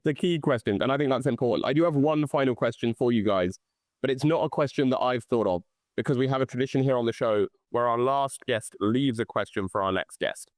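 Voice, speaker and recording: A British man hosting a podcast in casual chat, rapid and full of restarts. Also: mid-range voice, dry recording, studio quality. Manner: quick, restarts phrases often. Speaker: podcast host.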